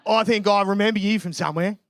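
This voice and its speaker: A man's voice: high-pitched, fairly even intonation, fast talker, dry recording. A man voicing a blunt, mocking Australian man with an Australian accent, in a stand-up set.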